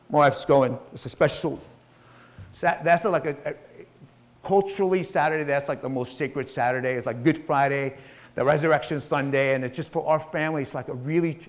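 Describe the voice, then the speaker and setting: A middle-aged man telling his own life story in a motivational talk, swearing freely and acting out the people in it. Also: on the high side. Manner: emotional, profane, acts out voices in his story.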